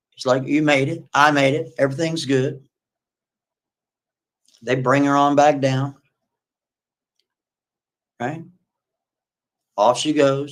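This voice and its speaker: A man casually retelling a story on a live stream, rambling and folksy, with lots of asides. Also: mid-range voice.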